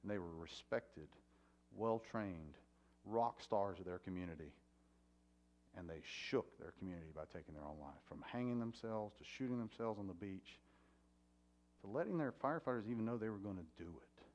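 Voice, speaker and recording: A fire chief speaking to a conference audience, animated and asking the room questions. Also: male voice, fairly low pitch, moderate pace. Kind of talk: conference talk. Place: conference hall.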